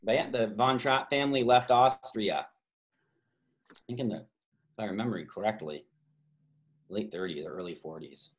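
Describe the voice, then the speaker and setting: A man hosting a trivia quiz over a video call, reading out multiple-choice options slowly and drawing out the key words, with chatty asides and quick self-corrections. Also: on the low side. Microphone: video call microphone.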